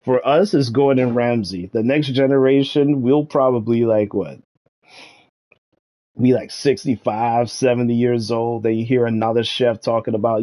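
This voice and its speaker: A man's voice: medium pitch, fairly even intonation, moderate pace, warm tone. A young adult man streaming a video game, chatting in a laid-back, slangy, joking way. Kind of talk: casual gaming stream chat.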